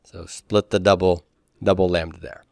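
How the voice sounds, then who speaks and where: A Greek teacher lectures a class on pronunciation and syllable division, explaining step by step and frequently checking in with his listeners. His low voice is gravelly and a little mellow, with little pitch movement and a moderate pace, and there's no room sound.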